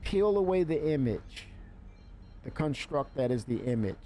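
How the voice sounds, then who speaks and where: A man's voice: fairly high pitch, sing-song, a little slow, mellow, slight background noise. A man streaming a video game live, chatting loosely, cursing and laughing at what happens on screen. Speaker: livestreamer. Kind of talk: live gameplay stream commentary.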